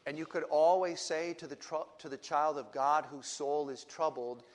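A man preaching a sermon in a slow, deliberate way, often dropping to a low soft voice. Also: big-room sound.

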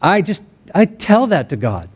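A man's voice: sits high, wildly swooping pitch, unhurried, darkish tone, slightly rough. A man preaching a sermon in an earnest, conversational way, acting out sample prayers in his own words. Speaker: pastor.

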